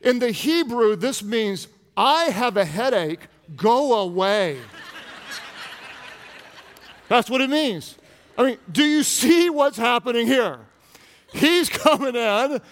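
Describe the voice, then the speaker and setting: A man's voice: very high-pitched, fairly bright tone, clear, resonant tone. A man preaching a humorous sermon as pastor, playful and teasing with the congregation. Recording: long reverb of a large hall.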